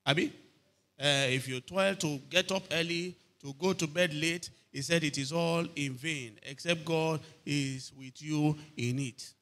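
A pastor delivers a story-driven sermon, often repeating phrases and checking whether listeners are hearing him. He talks a little slowly, in a slightly high, bright voice with a forceful tone.

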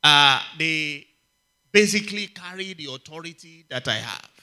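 A man preaching a sermon, emphatic and repetitive, calling out to the congregation and swinging from loud exclamations to quiet asides. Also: on the high side, expressive, normal speed, clean tone. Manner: emphatic, repeats key phrases, asks the congregation for response. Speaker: pastor.

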